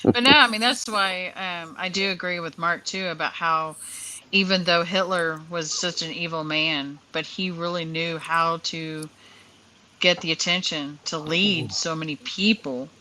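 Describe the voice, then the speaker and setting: A woman on a casual online panel, agreeable and rambling as she thinks out loud. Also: fairly low pitch, a little slow, a little hiss or hum, low-quality recording.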